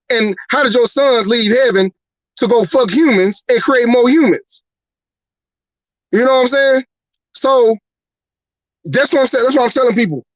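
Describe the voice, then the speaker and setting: Profane, high-pitched ranting male podcast host. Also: a bit bright, no room sound, muffled recording. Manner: profane, rhetorical, repeating "you mean to tell me". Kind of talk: angry atheist rant on a live podcast.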